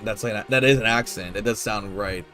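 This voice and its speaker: A man's voice: lowish voice, moderate pace, pushed and bright, soft background music. Laid-back rambling male game streamer. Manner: rambling, laid-back, many fillers, casual swearing. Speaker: gameplay streamer. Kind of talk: casual gameplay commentary.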